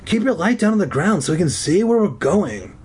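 A man voicing a cocky boy who acts brave, calling out in a high sing-song. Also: very animated, brisk, darkish tone, breathy edge, full character voice. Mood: urgent.

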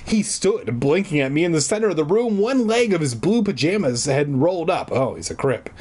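A man's voice: on the high side, expressive, fairly quick, a little mellow. A man reading a children's horror book aloud, breaking off for profane, sarcastic asides. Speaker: reader. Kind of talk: casual read-aloud with comic asides.

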